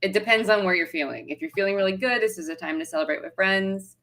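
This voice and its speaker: A woman's voice: mid-range voice, quick pace, fairly bright tone. A woman reading tarot cards on a casual livestream, explaining each card in a chatty way. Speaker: tarot reader.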